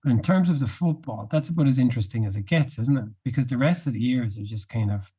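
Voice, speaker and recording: A man with a mellow, slightly husky voice chats on a podcast and quizzes his co-host. His delivery is measured, with a dry, wry tone. The voice has a soft, dark color. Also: medium pitch. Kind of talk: casual podcast chat.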